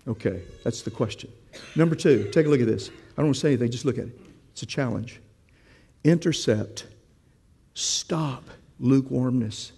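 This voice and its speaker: A man's voice: mid-range voice, moderate pace, mellow, slightly rough, big-room sound. A man preaching a sermon, telling a story and asking the congregation questions in a conversational way.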